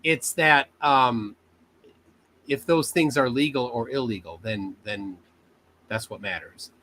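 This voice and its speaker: A man's voice: medium pitch, slow, pushed and bright, rough recording. A man on a video call in a casual online debate, matter-of-fact with dry joking. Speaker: debate panelist. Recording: faint background noise on a call.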